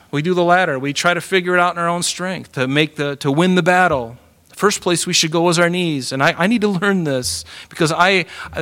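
A man preaching a sermon as pastor, animated and playful, acting out quotes with humor. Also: on the high side.

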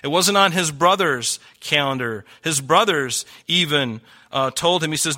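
A man's voice: fairly high pitch, normal speed, hardly any pauses, bright, forceful tone. A man preaching a sermon, reading scripture aloud and pressing his listeners with emphatic rhetorical questions. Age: adult. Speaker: pastor.

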